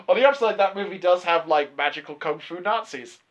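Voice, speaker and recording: A man's voice: high voice, moderate pace. A man in his twenties co-hosting a movie podcast in casual chat, ranting animatedly and swearing often. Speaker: podcast co-host. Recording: lo-fi podcast recording.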